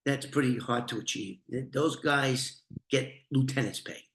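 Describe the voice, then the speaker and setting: Animated New York man, bright echoey voice. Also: medium pitch, measured pace. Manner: animated, swearing, restarts, laughs. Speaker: storyteller, former informant. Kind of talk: casual storytelling to camera. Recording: echoey room.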